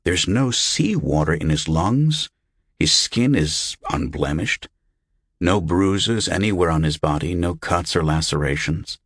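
A man voicing a calm clinical monk. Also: low voice, slightly rough, dry recording, clean studio sound, heavily acted. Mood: puzzled. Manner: measured, clinical explanation. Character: calm puzzled male monk physician.

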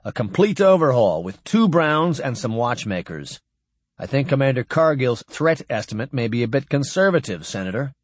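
A man voicing a grim male officer speaking low and sober. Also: sing-song, normal speed, no echo.

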